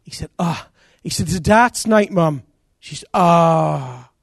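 Man, sermon storytelling, high pitch, dry close sound. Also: unhurried, creaky, no room sound. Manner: animated, acts out quoted voices, repeats phrases. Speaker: preacher.

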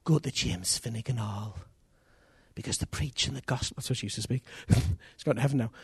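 With a mid-range voice carrying a breathy edge, a man preaches fairly quickly in a recording with no echo. He animatedly narrates conversion stories, voicing the people involved and repeating phrases.

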